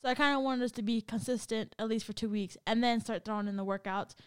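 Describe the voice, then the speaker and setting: A woman's voice: on the high side, clean tone, no room sound. Giggly young woman, casual podcast co-host. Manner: giggly, joking, quick to laugh. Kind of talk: casual chat.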